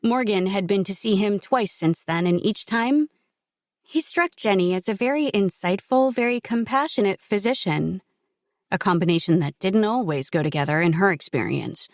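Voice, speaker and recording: A woman narrating an audiobook at a steady, measured pace, her voice sitting mid-range. The recording is close and completely dry. She reads the story plainly and evenly. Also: mid-range voice, no echo. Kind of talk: scripted narration.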